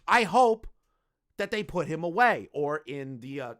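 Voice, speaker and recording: A man's voice: on the high side, very animated, unhurried, a bit bright. A man streaming from home, ranting in heated, profane, sarcastic commentary. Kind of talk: livestream commentary rant.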